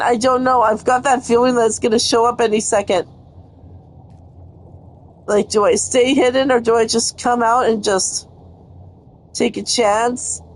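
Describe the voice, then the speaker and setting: Cursing frustrated woman gamer. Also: a little high. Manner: frustrated, cursing, talks to the game. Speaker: gaming streamer. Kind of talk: live gameplay commentary.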